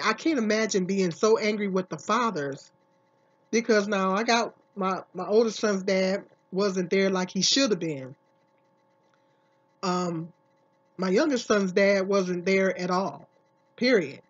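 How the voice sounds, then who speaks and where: A woman's voice: medium pitch, a little slow. A woman vlogger giving casual, emphatic commentary, repeating herself and asking many questions. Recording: dull lo-fi recording.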